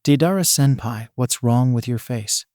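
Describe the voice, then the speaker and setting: A man's voice: medium pitch, moderate pace, a little mellow, no room sound, clean studio sound, close to an everyday voice. A man voicing a goofy, timid masked teenage boy who whines and pleads. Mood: pleading. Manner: whiny, pleading.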